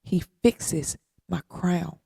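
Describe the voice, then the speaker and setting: A woman in her thirties hosts a heartfelt, faith-based podcast talk, unhurried and earnest, repeating her points with long pauses. Her voice is low, dark and gravelly with some vocal fry. The sound is dry and close, with no room around it. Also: no echo. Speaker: podcast host.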